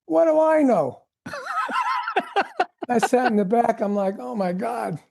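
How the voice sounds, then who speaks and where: Gravelly older man telling stories. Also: extremely high pitch, normal speed. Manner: animated storyteller, acts out quoted voices. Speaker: guest drummer. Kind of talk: storytelling in a podcast interview.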